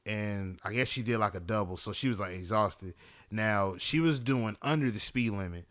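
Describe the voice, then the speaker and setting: A man's voice: fairly low pitch, normal speed, a bit bright, dry recording. A man hosting a podcast in a casual monologue, rambling, swearing freely and often asking "you know what I'm saying". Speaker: podcast host.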